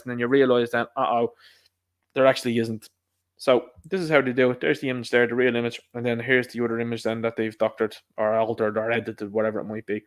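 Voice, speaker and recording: A young Irish man hosting a solo podcast, talking in a rambling, emphatic way with quick asides. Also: medium pitch. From Ireland. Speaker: podcast host. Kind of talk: solo commentary monologue.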